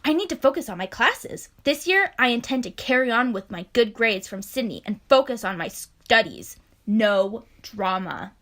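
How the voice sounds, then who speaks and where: A woman's voice: fairly high pitch, big pitch swings, normal speed, fairly bright tone. Giggly young woman reading fan fiction. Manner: giggly, breaks into laughter while reading. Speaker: podcast co-host.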